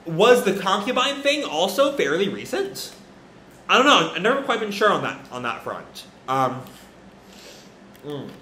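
A man's voice: high voice, sing-song, measured pace, bright, forceful tone, slight background noise. A man with stuffy sinuses and a cracking voice, reading manga aloud and reacting in a rambling way, in an echoey room. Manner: rambling, thinks aloud with fillers. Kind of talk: casual live reading and reaction.

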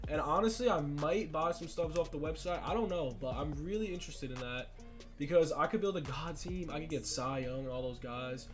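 A young man giving excited gameplay commentary as a channel host, talking straight to his fans and shouting at times. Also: on the high side, a little fast. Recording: faint music bed behind.

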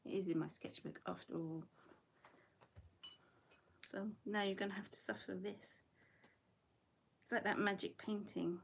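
Chatty middle-aged woman, husky. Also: medium pitch, fairly even intonation, measured pace, long pauses. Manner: rambling, chatty, laughs often. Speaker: watercolour artist. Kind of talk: casual chat while painting. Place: her bedroom at home.

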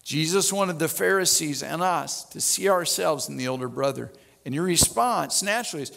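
A male pastor preaching, his fairly high voice carrying a gravelly rasp. He tells the story with animated energy and slips in dry humorous asides, all ringing in a long sanctuary reverb. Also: moderate pace. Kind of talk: sermon.

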